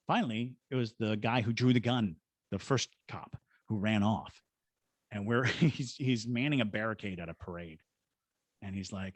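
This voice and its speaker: A middle-aged man from Georgia in the US, a paranormal investigator and ghost tour guide, appears as a guest on a podcast. He tells a story and acts out the voices of the people in it. His voice sits on the low side and he speaks briskly, with no echo.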